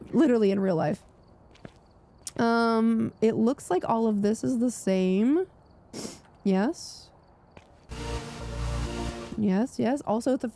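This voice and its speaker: A young woman with a mid-range voice narrates her gameplay as a streamer, gushing breathlessly and jumping into squeals and gasps. Beneath the excitement her tone stays soft and mellow rather than bright. She sounds like a longtime streamer showing off for her viewers.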